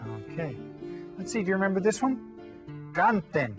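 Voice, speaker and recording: A man teaching a children's Spanish lesson on video, in a voice that sits a little high. He talks patiently, drawing words out slowly and asking whether everyone got it. Soft guitar plays faintly underneath. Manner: gives lively classroom commands.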